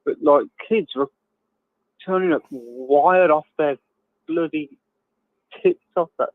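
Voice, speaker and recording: A man's voice: on the high side, slow, no echo. A man, chatting casually and jokily on a live show, rambling with lots of fillers. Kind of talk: casual chat. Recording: tinny phone-like call line.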